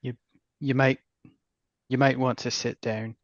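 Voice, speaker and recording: A man's voice: mid-range voice, level tone, measured pace, no echo. A man playing his character in a tabletop game, speaking tersely and grimly in few words. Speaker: player. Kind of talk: in-character tabletop role-play. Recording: dry, dull lo-fi mic.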